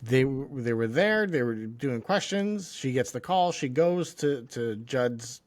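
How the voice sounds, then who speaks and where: A man co-hosting a podcast, talking in a relaxed, halting way about a TV episode. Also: medium pitch. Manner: relaxed, halting, with many likes and ums. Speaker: podcast co-host. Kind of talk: casual recap chat.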